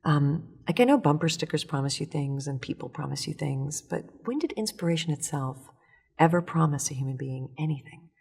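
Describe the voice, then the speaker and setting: A woman speaking as an author and guest in a casual interview, telling stories in a lively way with acted-out voices. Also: sits low, fairly quick, vocal fry, husky. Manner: animated storytelling with acted voices and laughs.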